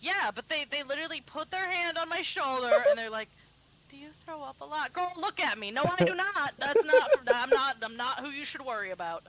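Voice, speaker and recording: Bright, lively young-sounding woman streamer. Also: high-pitched, fairly quick, hardly any pauses, low-quality recording. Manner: animated storytelling, acts out phone calls. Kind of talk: casual chat while gaming.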